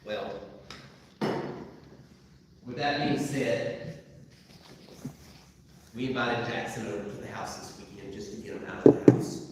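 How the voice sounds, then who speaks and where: A middle-aged man preaching a sermon as a pastor, telling a personal story and dropping to a hushed, soft voice at the sad parts. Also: medium pitch, a little slow, long pauses, very noisy. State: sick with a sinus infection. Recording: echoey hall, voice from far off.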